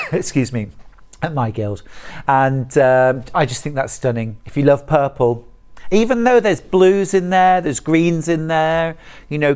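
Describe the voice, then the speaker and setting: A presenter on a live shopping channel, speaking slowly and deliberately while gushing over every item. The delivery is chatty and enthusiastic, full of asides, in a mid-range voice. It comes from a TV studio. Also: mid-range voice, darkish tone, clear, resonant tone.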